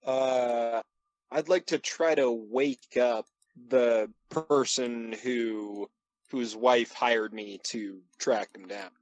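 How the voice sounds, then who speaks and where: A man's voice: mid-range voice, steady tone, very slow, no room sound, poor audio. Male player, casual in-character talk, dry mic. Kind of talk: in-character tabletop play.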